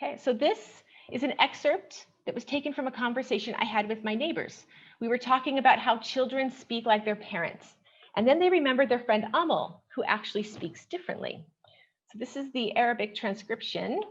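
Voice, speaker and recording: A woman's voice: on the high side, dull audio. Woman giving an academic paper presentation. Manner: measured, explanatory, often starts sentences with "okay". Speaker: conference presenter, researcher.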